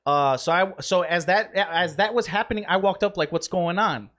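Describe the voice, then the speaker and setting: Young male podcast co-host, high voice, rambling profane storyteller. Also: normal speed, fairly bright tone. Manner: rambling, profane anecdote-telling with laughs. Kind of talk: casual chat, storytelling.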